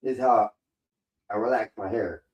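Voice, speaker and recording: A man livestreaming from home rambles loosely and profanely to his audience, addressing them as y'all while he fixes his hair on camera. He has a lowish voice at a moderate pace, and the audio sounds dull.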